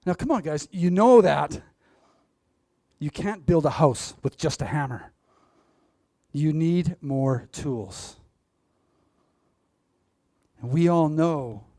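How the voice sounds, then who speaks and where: Guy giving a pumped-up motivational talk, slightly high voice, talks right at the crowd and chuckles at himself. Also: no room sound, clean studio sound. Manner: animated, laughs at his own jokes; addresses the audience directly. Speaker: public speaker.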